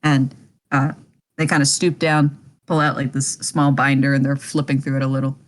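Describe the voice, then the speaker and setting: A woman's voice: extremely low pitch, flat delivery, normal speed. A woman narrating as game master of a tabletop game, chatty and laughing often.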